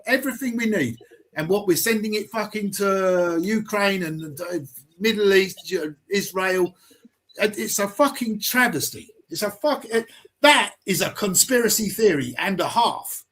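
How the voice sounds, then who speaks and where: A man hosting a live stream, arguing heatedly, swearing and firing rapid rhetorical questions. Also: high voice, animated, fairly bright tone.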